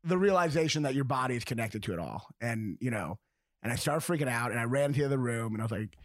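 A man of middle pitch telling personal stories between short laughs. His voice sits close and dry on the mic, with no room sound around it. He talks loosely and casually. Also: animated, fast talker, dry recording. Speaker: podcast co-host. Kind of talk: casual chat.

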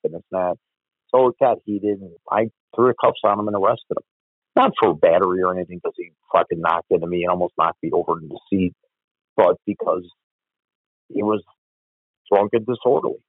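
A former police officer tells blunt, profane stories from his career in an interview, his low voice gravelly and a little fast. The audio is dry and phone-like.

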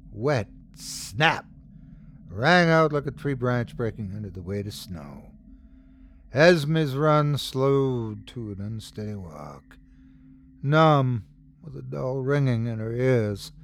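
A man narrating a scary story as host, dramatic, swelling and dropping for suspense. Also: medium pitch. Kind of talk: scripted horror story narration.

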